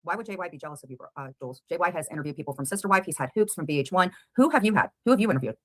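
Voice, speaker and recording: A woman on a livestream, confronting a rival head-on with rapid, combative questions. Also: lowish voice, expressive.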